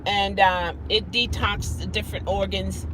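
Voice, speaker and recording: A woman's voice: medium pitch, fairly even intonation, unhurried, a bit bright. Chatty woman vlogging from a noisy car. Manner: chatty, rambling, greets commenters by name, repeats "I declare". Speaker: vlogger and rideshare driver. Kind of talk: casual livestream chat to viewers. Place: inside a car driving on city streets. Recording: car and street noise behind.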